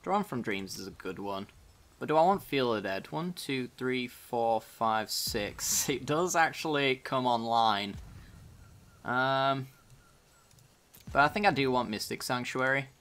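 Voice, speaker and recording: A man's voice: mid-range voice, a little slow, fairly bright tone. A man casually commenting on his own card game as he plays, thinking aloud about each move. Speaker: gaming channel host.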